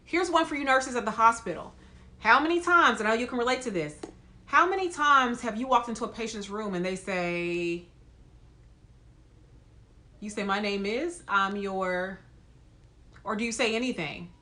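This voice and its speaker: A woman who works as a nurse, talking straight to her viewers in an emphatic, lively way. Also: a little high, moderate pace, long pauses. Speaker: nurse and video host. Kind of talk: casual talk to camera.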